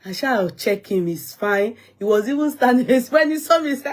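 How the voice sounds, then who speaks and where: Husky Nigerian woman telling stories. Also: on the high side, expressive, moderate pace, few pauses. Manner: laughing, switches between English and Yoruba. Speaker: vlogger. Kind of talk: casual storytelling.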